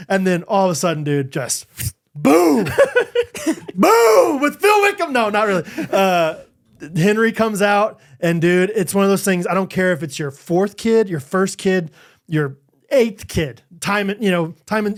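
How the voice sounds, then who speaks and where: A man in his thirties co-hosting a podcast, telling a story in casual chat, acting out what people said with sudden jumps up in pitch and frequent laughter. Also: normal speed. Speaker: podcast co-host.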